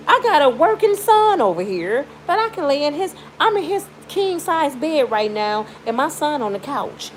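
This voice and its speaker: The speaker, a middle-aged Michigan YouTuber, vents tearfully and indignantly by turns in an outspoken, pleading vlog recorded from her bed. Her high voice has a sing-song lilt and an unhurried pace. A slight hiss or hum runs through the low-quality recording.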